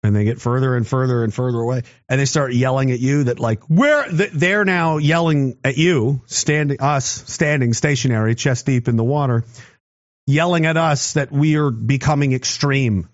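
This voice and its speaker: A man's voice: medium pitch, normal speed, muffled recording. A man in his thirties in a rambling, sarcastic casual monologue, swearing and laughing often. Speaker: commentator.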